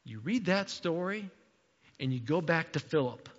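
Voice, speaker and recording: A man's voice: a little high, lively intonation, moderate pace, big-room sound, lo-fi sound. A man preaching a sermon in a conversational, playful way, acting out the quotes. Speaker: pastor.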